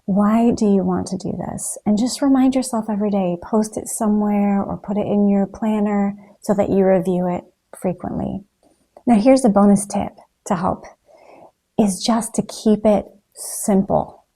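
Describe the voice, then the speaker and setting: Woman, vlog, earnest encouragement, gravelly fry, mellow tone. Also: mid-range voice, steady tone, normal speed. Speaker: raw food vlogger. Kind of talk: motivational vlog talk.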